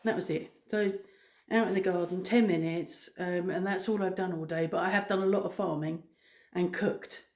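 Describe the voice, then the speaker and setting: A middle-aged woman chatting casually to her viewers, rambling with many pauses and ums. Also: on the low side, steady tone, reverberant. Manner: rambling, frequent ums, soft-spoken. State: out of breath. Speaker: vlogger. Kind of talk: casual chat.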